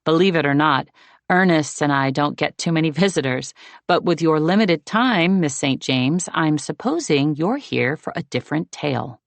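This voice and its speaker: A woman voicing a genial male watchman who speaks in a slow, easy, relaxed Californian way. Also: low-pitched, creaky, no room sound.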